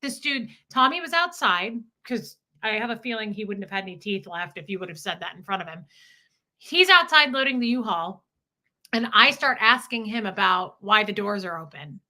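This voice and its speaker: A woman co-hosting a casual livestream chat, telling a story in an animated way and acting out what people said. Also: mid-range voice, moderate pace. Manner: animated storyteller who acts out quotes. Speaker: livestream co-host.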